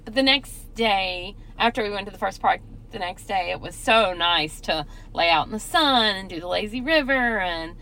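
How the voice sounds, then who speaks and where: Bright-voiced chatty woman. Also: medium pitch, expressive. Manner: chatty, reacts with quick exclamations. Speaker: podcast co-host. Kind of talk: casual chat.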